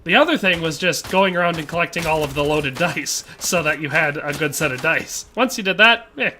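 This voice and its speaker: A man's voice: fairly high pitch, brisk, sharp tone, slight background noise. A man, chatting casually and rambling with jokes while streaming a game and reading chat aloud. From Wisconsin, USA.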